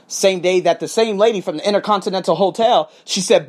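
A man tutoring and podcasting, talking in a casual vlog monologue and telling punchy, profane stories with quoted dialogue acted out. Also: brisk. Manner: animated storytelling with acted-out quotes; profane and punchy, repeats "boom".

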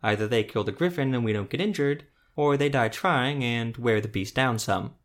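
A man voicing a rough male hunter-tracker who talks casually with folksy grammar. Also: medium pitch, moderate pace, natural voice. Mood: laid-back.

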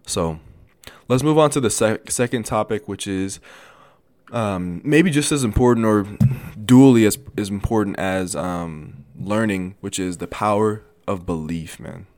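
A man's voice: on the low side, measured pace, a little mellow, dry recording. A young man hosting a solo podcast, talking earnestly and casually to listeners, with frequent restarts and small stutters. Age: young adult. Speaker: podcast host. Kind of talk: motivational solo podcast talk.

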